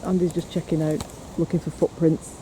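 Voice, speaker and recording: A high, mellow-toned man talks casually to camera, teasing his companion as they walk through woods. Faint wind and outdoor noise sit under the handheld recording. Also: flat delivery, a little fast. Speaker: paranormal investigator vlogger. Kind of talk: casual outdoor vlog narration. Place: outdoors on a windy hill and in woods.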